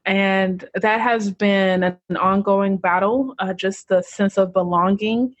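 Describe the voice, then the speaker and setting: Young american woman on a podcast, husky voice, earnest and thoughtful, kinda muffled audio. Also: medium pitch, fairly even intonation, slow, dry recording. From United States. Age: young adult. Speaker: podcast guest, entrepreneur. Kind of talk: casual interview chat.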